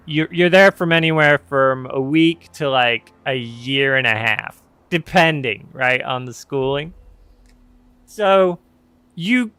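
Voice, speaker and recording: Rambling bright-voiced man telling stories. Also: a little high, smooth, no echo. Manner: rambling, with many asides and self-corrections. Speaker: streamer and host. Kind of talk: casual storytelling while gaming.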